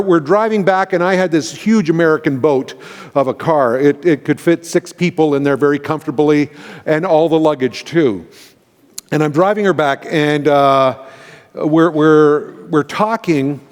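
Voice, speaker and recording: Canadian pastor telling stories in a reverberant hall. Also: male voice, on the high side. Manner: earnest, emotional personal storytelling with frequent restarts. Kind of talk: storytelling sermon. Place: large church sanctuary.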